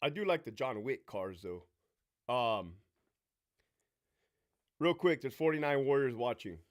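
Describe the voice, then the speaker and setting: A man's voice: mid-range voice, measured pace. A middle-aged man hosting a live Q&A, telling stories in a brash, profane way and mimicking the people in them. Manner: brash, swearing, animated storyteller mimicking others. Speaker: livestream host.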